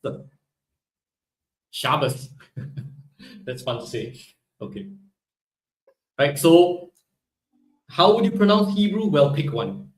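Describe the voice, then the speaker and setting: A man's voice: a little high, big pitch swings, slow pace, pauses often, darkish tone, echoey room, low-quality recording. A man teaching a live online language class, explaining step by step and often checking in with "right?". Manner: explanatory, peppers speech with "right?". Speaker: Hebrew teacher.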